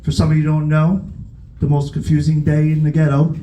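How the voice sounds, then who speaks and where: A male stand-up comedian telling a story on a club stage in a profane, animated way, with shouted punchlines. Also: fairly high pitch, fairly quick, roomy sound, poor audio.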